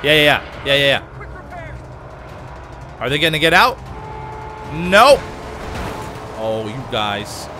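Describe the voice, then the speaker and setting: A man hosting a let's play, commenting as he plays, with excitable, panicky exclamations under fire. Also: mid-range voice, slow, pauses often, over music. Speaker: gaming channel host.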